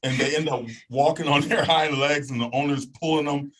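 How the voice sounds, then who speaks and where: A man telling a personal story as a guest in an animated way. He acts out voices and sounds and keeps checking in with "okay?". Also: on the high side, normal speed, low-quality recording.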